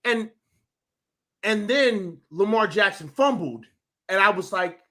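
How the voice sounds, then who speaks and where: A man co-hosting a casual sports chat, loud and hyped, swearing and repeating himself. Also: sits high, expressive, slow. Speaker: podcast co-host.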